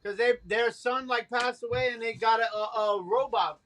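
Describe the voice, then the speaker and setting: A man co-hosting a casual group chat, talking in an excitable, rambling way. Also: extremely high pitch, moderate pace, a little hiss or hum, poor audio. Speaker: co-host.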